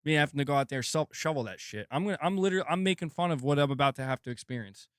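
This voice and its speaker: A man's voice: a little high, animated, rapid-fire, smooth, no echo, studio quality. Swearing laid-back guy with a sore throat. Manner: laid-back, swears a lot, laughs often. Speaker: gaming channel host. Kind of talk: casual livestream chat.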